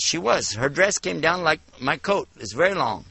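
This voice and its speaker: Animated man with gravelly voice. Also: on the high side, normal speed, no room sound. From United States. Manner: animated storytelling, acts out dialogue. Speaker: Islamic lecturer. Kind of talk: televised religious lecture.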